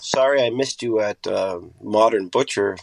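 A man's voice: lowish voice, moderate pace, creaky, a little hiss or hum. A man calling in to a radio show, talking casually and enthusiastically.

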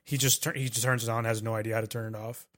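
A man's voice: medium pitch, flat delivery, rapid-fire, fairly bright tone. A man co-hosting a podcast, chatting casually with loose, profane talk and lots of agreeing murmurs. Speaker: podcast co-host. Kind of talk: casual chat.

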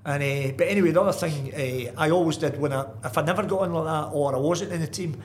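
Fast-talking man telling stories. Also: fairly high pitch, slight background noise. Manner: lively storyteller, many restarts and asides. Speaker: guest, football manager. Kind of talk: casual anecdotal storytelling.

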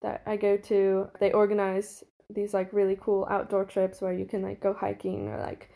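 A woman's voice: medium pitch, moderate pace, creaky, warm tone. A young woman in college telling a story in casual chat, rambling and giggly with lots of fillers. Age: young adult.

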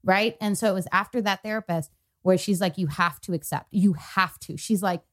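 A young adult woman co-hosting a podcast tells a personal story in casual chat, quoting other people and using lots of fillers. Her voice is mid-range and her pace moderate.

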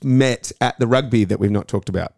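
A man's voice: fairly low pitch, brisk, vocal fry, darkish tone, dry recording, clean studio sound. A man co-hosting a casual podcast chat, telling stories in a giggly, rambling way, speaking into a handheld mic while seated in a chair. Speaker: podcast co-host.

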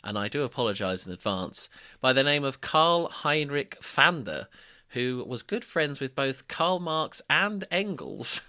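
A man's voice: mid-range voice, very animated, unhurried, pushed and bright. A man from England co-hosting a podcast in casual chat, telling wry, self-deprecating anecdotes. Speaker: podcast co-host.

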